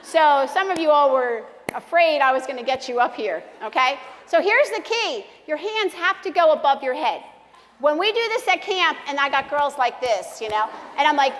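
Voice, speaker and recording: A woman's voice: sits high, expressive, normal speed, slight background noise. A woman speaking to a church ladies' meeting in a chatty, self-deprecating devotional talk, joking with her audience. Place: church sanctuary. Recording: long reverb of a large hall.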